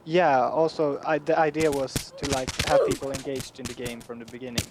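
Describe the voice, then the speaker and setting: A man's voice: medium pitch, level tone, brisk. A young man from Sweden with a Swedish accent, a guest developer speaking hesitantly and searching for English words. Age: young adult. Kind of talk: casual interview chat. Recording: faint background noise.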